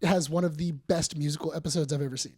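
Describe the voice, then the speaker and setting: A woman co-hosting a casual podcast, telling a story with lively energy and acting out the quotes. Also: fast, breathy edge. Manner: animated storyteller who acts out quotes with big jumps in pitch and volume. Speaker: podcast co-host.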